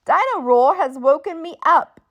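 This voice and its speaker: A woman reading a storybook aloud, voicing a cheerful, bossy little girl pig in a high, chirpy, excitable voice. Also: moderate pace.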